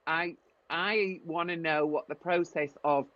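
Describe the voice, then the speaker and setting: A Yorkshire man co-hosts a podcast in relaxed chat, his questions long and friendly. His voice sits somewhat high for a man. The sound is dry and a little muffled. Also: unhurried, dry recording. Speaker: podcast co-host.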